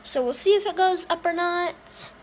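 Chatty high-voiced young woman vlogging. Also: normal speed, a little hiss or hum. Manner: chatty, scattered, says she is tired. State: hiccups. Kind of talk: casual vlog chat to camera.

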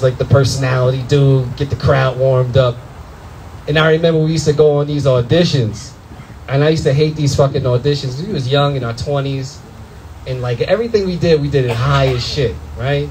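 A young adult man doing a loud, animated stand-up comedy set in a comedy club, full of profanity and acted-out voices. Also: medium pitch, a little hiss or hum, low-quality recording.

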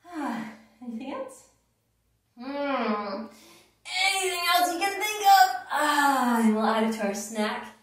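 A woman with a high, bright-sounding voice leads a kids' yoga class in a slow, sing-song chant. She sounds set back from the mic, her voice ringing around a very echoey room. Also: very animated, recorded from a distance. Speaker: kids yoga instructor.

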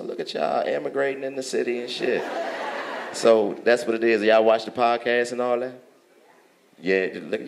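A man with a Washington DC accent doing stand-up, ribbing the audience with loud, profane banter. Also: mid-range voice, gravelly, slight background noise. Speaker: stand-up comedian. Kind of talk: crowd work stand-up. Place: large theater on stage.

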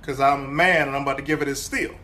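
A man's voice: mid-range voice, fairly even intonation, rapid-fire, bright, forceful tone, roomy sound, soft background music. A man in a comedy sketch, brash and crude.

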